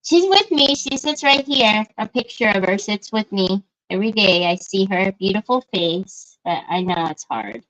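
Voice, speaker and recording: Crafting on a livestream, this middle-aged woman talks casually and welcomes viewers by name, her mid-range voice animated and a bit bright, moving at a moderate pace with few pauses. The sound is dull, lo-fi livestream audio.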